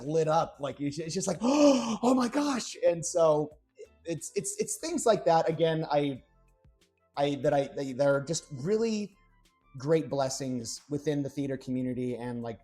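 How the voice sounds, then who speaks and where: A man's voice: mid-range voice, mellow. A young man chatting casually on a live stream while he cooks, rambling through stories and answering chat. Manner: rambling storyteller, talks to chat. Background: faint background music.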